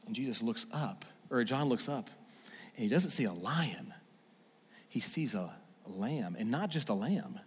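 A man preaching a sermon, swinging from loud emphatic lines to hushed, quiet asides. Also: fairly high pitch, slightly rough. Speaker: pastor. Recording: long hall reverb.

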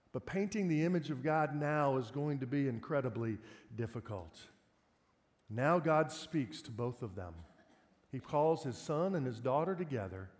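A man's voice: on the high side, darkish tone. A male pastor preaching a sermon in a conversational way, asking his listeners rhetorical questions. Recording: long hall reverb.

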